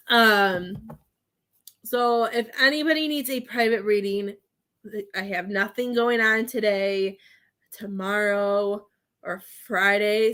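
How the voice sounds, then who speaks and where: A woman's voice: fairly high pitch, measured pace, long pauses, fairly bright tone. A woman chatting casually with viewers on a livestream, rambling and laughing often as she offers readings. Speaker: psychic medium livestreamer.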